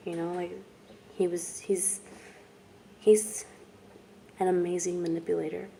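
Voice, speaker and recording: A young woman telling her own story in a vlog, speaking softly and haltingly, with long pauses and words that trail off into whispers. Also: on the low side, flat delivery, a little hiss or hum. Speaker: vlogger. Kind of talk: personal testimony vlog.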